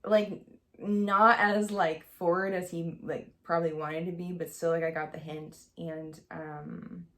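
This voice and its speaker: A woman's voice: fairly low pitch, fairly even intonation, unhurried, fairly bright tone. A young woman telling a personal story to camera in a casual, candid way, full of "like" and "um". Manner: chatty, heavy use of "like" and "um", candid. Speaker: vlogger.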